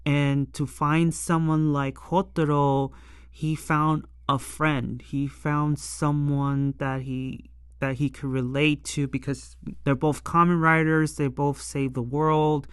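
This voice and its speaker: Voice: mid-range voice, flat delivery, slow pace, clean tone, no echo, studio quality. A show reviewer recapping an episode in casual, rambling talk full of fillers and exasperated asides. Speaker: anime and tokusatsu episode reviewer.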